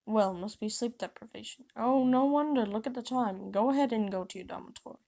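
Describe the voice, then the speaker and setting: A vain, showy male teacher, full of himself and chummy in a pompous way, as a woman reading her story puts him on. His voice is mellow with a gravelly edge. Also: on the high side, fairly quick.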